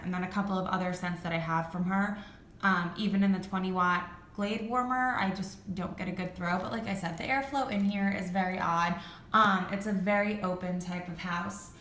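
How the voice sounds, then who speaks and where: A woman's voice: medium pitch, a bit bright, echoey room, slight background noise, low-quality recording. A woman chatting casually in a home vlog, rambling with frequent ums and likes. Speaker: vlogger reviewing wax melts. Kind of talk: casual chat. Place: home room with high ceilings.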